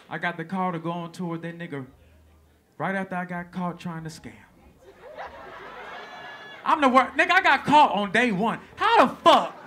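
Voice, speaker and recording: High-pitched comic guy going off on stage, crowd faint behind him. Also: slight background noise. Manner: animated, profane, laughing storytelling. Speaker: stand-up comedian. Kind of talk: stand-up comedy storytelling. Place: stage before a live audience. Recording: live show with crowd.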